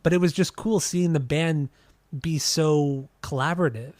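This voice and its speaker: A man's voice: a little high, moderate pace, a little mellow, no room sound, studio quality. A young man co-hosting a podcast, talking casually about an album with many restarts and casual swearing. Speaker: podcast co-host. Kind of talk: casual music review chat.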